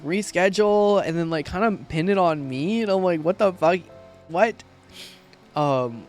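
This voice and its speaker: A man's voice: on the high side, a little mellow. A young man streamer in casual livestream chat, rambling and heartfelt, with frequent swearing.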